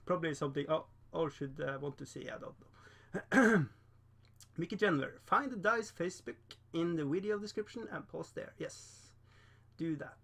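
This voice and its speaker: A man's voice: on the high side, animated, moderate pace, creaky, a bit bright. A man casually chatting on a painting livestream, rambling, laughing often and reading the chat aloud. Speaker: streamer painting miniatures.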